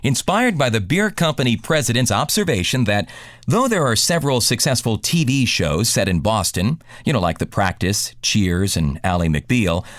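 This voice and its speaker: A man hosting a radio countdown show, reading scripted song intros in a smooth announcer delivery. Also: fairly low pitch, big pitch swings, normal speed, a bit bright, no echo, clean studio sound.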